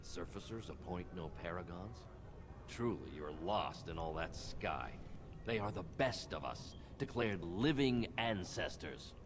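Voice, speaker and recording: Deep, snarky dwarf commoner. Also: male voice, animated, measured pace. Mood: scornful. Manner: curt, sarcastic, dismissive. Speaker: game character. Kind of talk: video game dialogue. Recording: game audio with noise behind.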